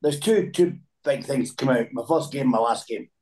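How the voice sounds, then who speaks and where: A man's voice: mid-range voice, normal speed, a little mellow, poor audio. A Scottish man in his sixties, a former footballer telling anecdotes in a casual chat, laughing often and repeating words. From Scotland.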